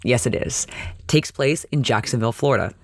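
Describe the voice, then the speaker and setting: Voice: mid-range voice, a little fast, vocal fry, dry recording, studio quality. A podcast host recapping a TV episode in a chatty, nerdy way and laughing at their own nitpicks.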